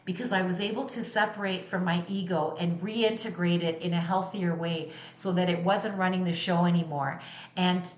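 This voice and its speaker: A woman's voice: lowish voice, fairly even intonation, moderate pace, echoey room. A middle-aged woman giving a motivational talk as a sound healer, speaking candidly and emphatically, with blunt swearing.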